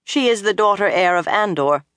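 A composed, confident woman mentor, as a narrator puts her on, speaking firmly and plainly. Her delivery is calm and assured. The recording is dry and close. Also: mid-range voice, normal speed, dry recording, pitched above the performer's own voice, close to an everyday voice.

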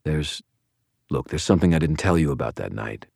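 A man voicing a guarded male vampire, speaking low and clipped. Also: expressive, brisk, gravelly, darkish tone, husky, no echo, studio quality, heavily acted. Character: guarded male vampire brother, quiet, wry.

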